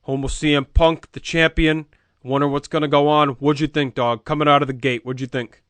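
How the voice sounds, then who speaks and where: A man playing a deadpan, know-it-all sports pundit who keeps repeating the same opinion. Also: on the high side, fairly quick, dry recording, natural voice. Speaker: podcast co-host in comedy bit. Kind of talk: comedic sports-talk parody.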